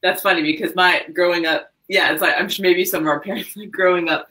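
Bright-voiced interview host chatting. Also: medium pitch, fairly even intonation, fast, low-quality recording. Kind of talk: casual interview chat.

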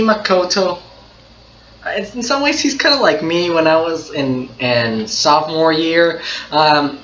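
A man hosting his own anime reaction video, chatting casually. He gets excited, laughs a lot and repeats himself. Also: a little high, slight background noise. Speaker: anime reaction channel host. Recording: dull, echoey room recording.

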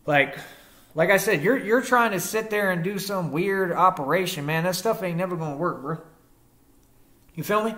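A man's voice: high-pitched, normal speed, sharp tone. A young man in a confrontational rant to the camera, defiant and combative, using slangy street talk and rhetorical questions. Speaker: vlogger.

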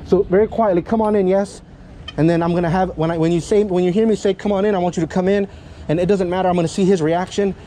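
A high-voiced man with a mellow, relaxed tone teaches a dog owner in a kennel yard. He is animated and dramatic, constantly checking that he is understood. A faint hiss sits behind him. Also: fast. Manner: animated, keeps checking in with "yeah?"; self-described very dramatic. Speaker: dog trainer. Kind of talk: hands-on training instruction.

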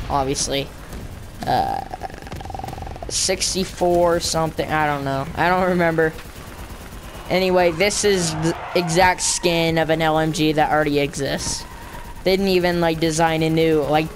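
A man's voice: fairly high pitch, a little hiss or hum. Goofy joking gamer guy. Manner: goofy, joking, sound effects. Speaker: gamer commentator. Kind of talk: casual gameplay commentary.

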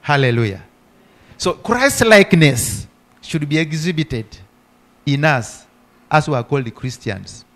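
A man's voice: a little high, animated, a little slow, pauses often, fairly bright tone. A middle-aged male pastor preaching a sermon. He asks the congregation rhetorical questions and punctuates his points with repeated hallelujahs.

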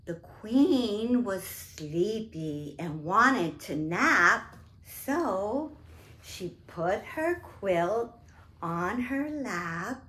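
Storytime host, woman, very slow, sing-song, bright voice. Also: mid-range voice. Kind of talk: toddler storytime lesson.

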